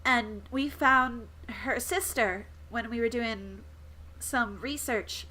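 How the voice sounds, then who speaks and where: Hesitant, apologetic adventurer, played by a woman in her own high-ish voice; slow and stumbling. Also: pushed and bright, a little hiss or hum, rough recording. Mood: earnest.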